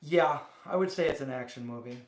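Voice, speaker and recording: A man's voice: medium pitch, fairly quick, roomy sound. A man hosting a casual livestream from his home kitchen, rambling and chatting directly with viewers. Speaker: livestream host. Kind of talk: casual chat.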